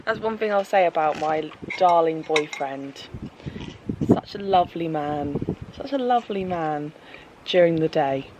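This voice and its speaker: A woman's voice: low voice, expressive, unhurried, very noisy. A woman in her twenties chatting and teasing through a casual holiday vlog. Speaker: vlogger. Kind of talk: casual travel vlog chat. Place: hotel terrace and restaurant on holiday. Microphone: handheld compact camera mic.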